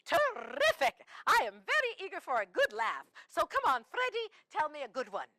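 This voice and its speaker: A woman's voice: very high voice, huge pitch swings, normal speed, pushed and bright, no room sound, heavily acted. A woman playing Mrs Santa Claus, hosting a children's show in an exaggerated sing-song manner. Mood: jolly. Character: jolly Mrs Santa Claus, warm grandmotherly hostess.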